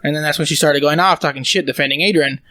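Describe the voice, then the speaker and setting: A man's voice: on the high side, fast talker, pushed and bright, no room sound. Rambling young man venting, dry mic. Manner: rambling storytelling, swears a lot. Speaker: podcast co-host. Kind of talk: casual venting chat.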